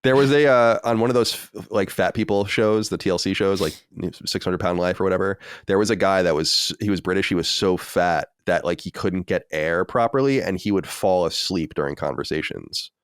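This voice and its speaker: A man co-hosting a podcast in casual chat, opinionated and prone to quick restarts. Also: low-pitched, clean tone, dry recording. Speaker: podcast co-host.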